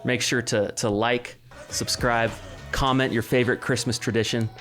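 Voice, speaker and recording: A man's voice: mid-range voice, steady tone, normal speed, fairly bright tone, faint music behind. A man in his thirties co-hosting a podcast, talking casually with lots of fillers and restarts. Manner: rambling, many fillers and restarts. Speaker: podcast co-host. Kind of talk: casual chat.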